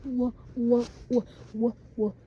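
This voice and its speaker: A woman's voice: on the high side, level tone, slow, lo-fi sound, a little hiss or hum. A woman playing out scenes with plush toys, playfully switching between character voices and asides to viewers. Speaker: plush toy video maker.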